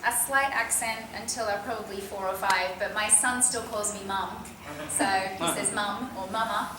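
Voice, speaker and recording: A woman's voice: medium pitch, steady tone, moderate pace. A woman in her forties, chatting casually as a convention panel guest and laughing often. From Australia. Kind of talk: casual Q&A chat. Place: large convention hall. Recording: echoey hall, from far off, noisy.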